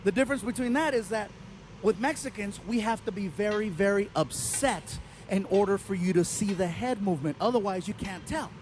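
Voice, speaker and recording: A man doing stand-up comedy on a theater stage, with an animated, playful storytelling delivery into a handheld mic. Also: high voice, a little fast, soft background music. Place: theater stage before an audience.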